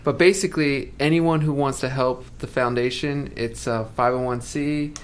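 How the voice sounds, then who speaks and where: A man being interviewed on a radio talk show, speaking in halting stops and restarts. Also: mid-range voice, steady tone, clear, resonant tone. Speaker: guest, music group member.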